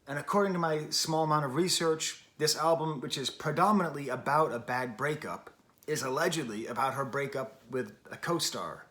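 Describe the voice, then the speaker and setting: A middle-aged man hosting a casual record review, rambling and wry. His voice sits at a middle pitch, and he wanders off into chatty asides before coming back to his point. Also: fairly bright tone. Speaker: music review host.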